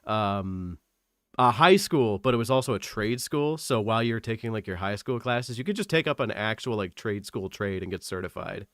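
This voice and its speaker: A man's voice: fairly low pitch, lively intonation, normal speed, fairly bright tone, dry recording, clean studio sound. A young man from Eastern Canada streaming, chatting casually on a call, rambling and self-deprecating with lots of fillers. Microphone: desk microphone.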